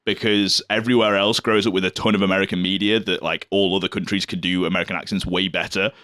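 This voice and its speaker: Male podcast co-host, mid-pitched, rambling casual delivery full of fillers, recorded dry and close. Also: fairly even intonation, quick pace, bright, forceful tone, no room sound. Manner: rambling, hedging with fillers and laughs. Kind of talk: casual movie chat.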